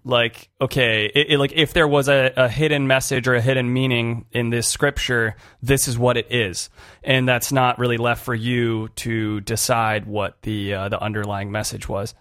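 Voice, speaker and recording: A man's voice: mid-range voice, little pitch movement, normal speed, a bit bright, dry recording, clean studio sound. A man hosting a podcast in casual chat, informal and full of fillers, restating the guest's points to check he has them right. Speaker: podcast host.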